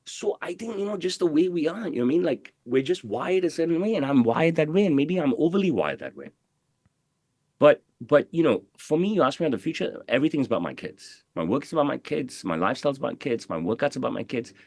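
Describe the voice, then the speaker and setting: A man's voice: a little high, lively intonation, fast talker, a little mellow, dry recording. A middle-aged man, a tailor, giving a brash, profane and emphatic interview, full of "bro" and "you know what I mean". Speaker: guest, tailor. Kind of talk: casual interview talk.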